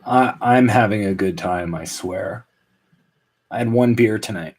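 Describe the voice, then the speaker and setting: A man in his late thirties hosting a solo comedy podcast, rambling in a deadpan, self-mocking way. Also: on the low side, measured pace. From Canada. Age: 30s. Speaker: podcast host. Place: at home.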